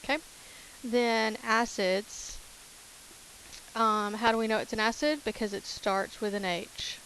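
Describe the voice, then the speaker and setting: A woman's voice: fairly high pitch, measured pace, a bit bright, slight background noise, poor audio. A woman teacher talking through chemistry notes in a casual way, repeating key terms with many fillers. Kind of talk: recorded lecture over notes.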